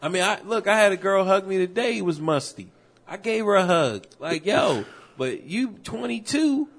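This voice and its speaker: A man co-hosting a podcast, telling stories in loose, animated casual chat full of slang and swearing. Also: high-pitched, moderate pace. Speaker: podcast co-host.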